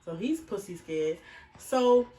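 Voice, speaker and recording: Speaking slowly in a mid-range voice, a woman in her twenties gives a blunt, profane, animated retelling of a personal story in a casual tone. The recording has an echoey room, a far-away mic and faint hiss.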